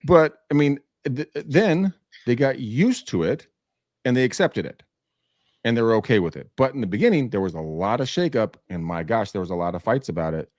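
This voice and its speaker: A man hosting a casual podcast, telling stories with lively acted-out quotes and casual swearing. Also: mid-range voice, fairly quick, no echo, clean studio sound. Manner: animated storytelling, acts out quoted voices, casual swearing. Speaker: podcast host, real estate agent.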